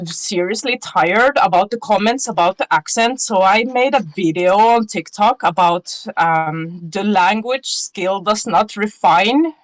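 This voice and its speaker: Slow-talking woman with a background. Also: medium pitch, no room sound. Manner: chatty, storytelling. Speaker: guest. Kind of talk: casual interview chat.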